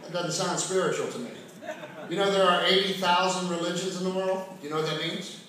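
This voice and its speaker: A man's voice: high voice, brisk, pushed and bright. A man doing a stand-up routine in a large casino showroom, with wry, self-mocking storytelling. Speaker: stand-up comedian. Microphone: handheld stage mic, recorded by a phone in the audience. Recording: echoey noisy far-off audience recording.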